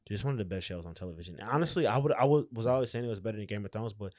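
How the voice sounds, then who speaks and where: A man with a fairly low voice talks loosely in casual podcast chat, joking and swearing as he goes. The sound is dry and close, with no room echo at all. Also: lively intonation, racing, darkish tone. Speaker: comedian, podcast co-host.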